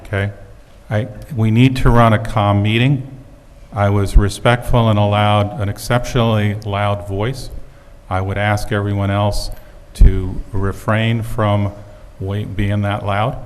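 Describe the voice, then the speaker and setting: Low, flat-voiced meeting chair. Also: male voice, long reverb tail, a little hiss or hum. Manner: calm, procedural, measured. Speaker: council chair. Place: council chamber.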